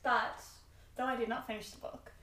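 A woman's voice: fairly high pitch, flat delivery, normal speed. A young woman co-hosting a book podcast in casual chat, wry and joking, recorded in a lounge room by a main road. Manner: wry, dry jokes, says she talks loudly. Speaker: podcast co-host. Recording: echoey room, faint traffic noise.

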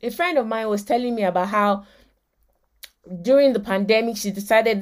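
A woman with a Nigerian accent and a fairly high voice hosts a motivational podcast. She tells lively stories and acts out the people in them. She quotes scripture in a preacher's manner. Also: moderate pace, pauses often. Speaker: podcast host.

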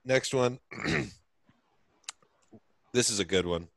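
A man's voice: mid-range voice, lively intonation, takes it slowly, creaky, a bit bright, dry recording. A young adult man hosting a casual podcast, telling rambling, profane stories and reading out listener answers. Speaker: podcast host.

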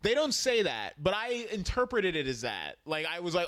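A man's voice: high voice, big pitch swings, normal speed, hardly any pauses, a bit bright, no room sound. A man co-hosting a podcast in casual chat, who laughs often and acts out quotes.

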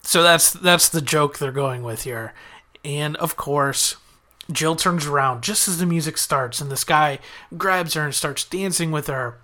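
Bright-voiced man recapping an episode. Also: a little high, unhurried. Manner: chatty storyteller, quotes characters in his own voice. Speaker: podcast host recapping a TV episode.

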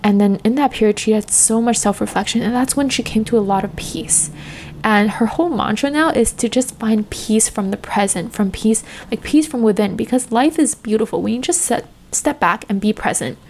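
Earnest young woman, fairly high voice. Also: normal speed, a little mellow, slight background noise. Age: young adult. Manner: heavy use of "like", earnest and open. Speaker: vlogger. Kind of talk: casual reflective monologue.

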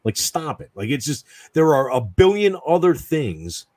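Man, profane casual rant, lively swooping pitch, mellow husky tone, dry close sound. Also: moderate pace, no room sound. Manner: profane, ranting, lots of fillers. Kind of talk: casual chat.

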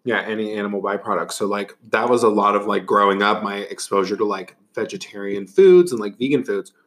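A man's voice: on the low side, a little fast, fairly bright tone. A young man co-hosting a podcast, chatting casually while eating, swearing freely and filling his talk with fillers and laughs. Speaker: podcast co-host.

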